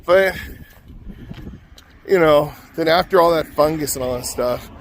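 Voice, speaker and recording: A man's voice: a little high, measured pace, a bit bright, a little hiss or hum. A man vlogging, telling a rambling, self-mocking story full of fillers.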